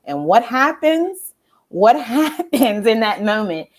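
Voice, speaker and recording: A woman's voice: fairly high pitch, slow. A woman co-hosting a casual pop culture show, reading out viewer questions and talking animatedly, often checking in with "right?". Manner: animated, reads viewer questions aloud, frequent restarts and "right?". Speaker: co-host.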